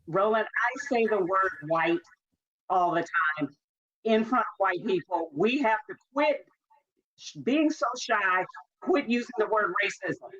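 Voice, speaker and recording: A woman's voice: mid-range voice, expressive, unhurried, a bit bright, lo-fi sound. A woman author, a guest on a talk show, answering with insistent emphasis and repeating her key phrases. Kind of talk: interview answers.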